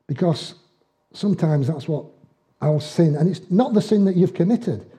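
A man's voice: on the high side, expressive, normal speed, dark tone. A man with a Northern English accent preaching a conversational sermon, telling homely personal stories with humour and frequent laughs. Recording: dull, muffled lo-fi sound.

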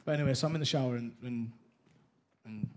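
A man's voice: medium pitch, a little hiss or hum. Candid man giving his testimony. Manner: candid, conversational, halting restarts. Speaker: church member sharing his testimony. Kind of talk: personal testimony talk.

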